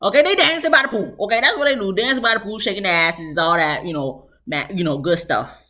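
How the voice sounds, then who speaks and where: Woman, casual show review, lively swooping pitch, lots of fillers. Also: fast. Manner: chatty, animated, lots of "you know" fillers.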